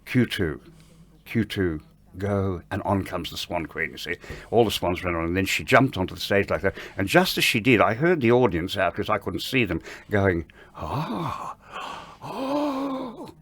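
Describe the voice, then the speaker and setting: A man's voice: deep voice, moderate pace. An older man from the ballet world, telling backstage stories in an interview and acting out the dialogue as he goes. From Australia. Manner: animated raconteur who acts out quoted dialogue. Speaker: interview guest, ballet veteran. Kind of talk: anecdotal interview storytelling.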